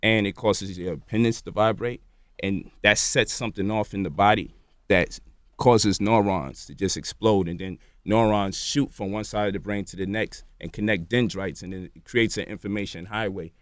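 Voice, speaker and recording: A man's voice: lowish voice, fairly even intonation, normal speed, dry recording, studio quality. A man, a radio show guest, explaining at length in a lecturing way and checking in with "right?" and "you feel me?". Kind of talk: lecturing interview talk. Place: radio studio.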